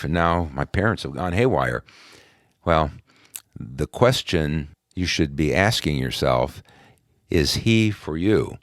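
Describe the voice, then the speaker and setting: A man with a very low, deep voice tells his personal testimony as a podcast guest. He is from New York and talks in an easygoing, conversational way, with plenty of "uh" fillers. The sound is close and dry. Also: no echo. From New York, USA. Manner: conversational, with frequent "uh" fillers and soft laughs.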